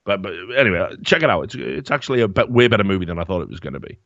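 A man hosting a podcast, reading news stories aloud in casual, animated chat and swearing freely. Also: on the low side, very fast, creaky, no room sound, muffled recording. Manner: animated, swearing, laughing often. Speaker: podcast host.

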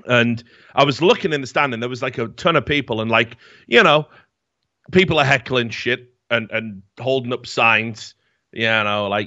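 Bright-voiced man rambling casually. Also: medium pitch, moderate pace, no echo. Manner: rambling, profane storytelling with many fillers. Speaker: podcast host. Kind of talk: casual chat. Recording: dull, dry lo-fi mic.

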